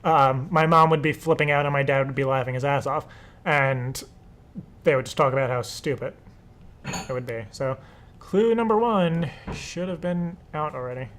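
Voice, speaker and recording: A man's voice: a little high, normal speed, fairly bright tone. A young man hosting a live stream, talking casually and nervously, swearing and laughing often. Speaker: live show host.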